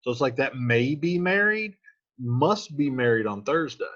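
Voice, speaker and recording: Male teacher, casual line-by-line play explainer, husky voice, lo-fi sound. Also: medium pitch, lively intonation, normal speed, fairly bright tone. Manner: reads old lines then paraphrases them in slangy modern speech.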